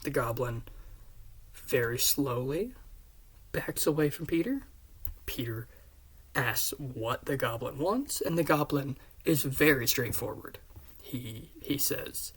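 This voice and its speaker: Husky man retelling a story. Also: medium pitch, expressive, slow, long pauses. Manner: earnest, drops into hushed half-whispers. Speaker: fan pitching a series. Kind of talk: casual retelling of a story pitch.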